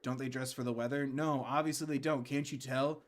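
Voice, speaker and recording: A man's voice: medium pitch, fairly even intonation, a little fast. A man casually commenting on a live game stream, rambling into joking asides. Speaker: gaming streamer.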